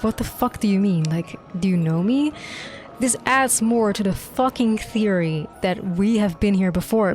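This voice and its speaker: A young woman streamer reacting live to a game, excitable and gushing, swearing freely. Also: mid-range voice. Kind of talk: live gameplay reaction commentary. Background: faint game music.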